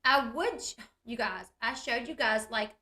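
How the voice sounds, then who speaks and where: A woman's voice: a little high, a little slow, sharp tone. A woman talking straight to her viewers in a casual, chatty recap, full of "like" and "you guys". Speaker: reality TV recap YouTuber. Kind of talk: casual reality-show recap.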